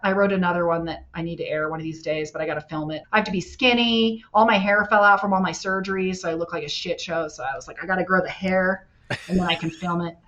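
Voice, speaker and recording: A woman family law attorney, a podcast guest, talking bluntly and with plenty of profanity, telling animated stories. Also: lowish voice, fast talker, few pauses, muffled recording. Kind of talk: candid podcast interview.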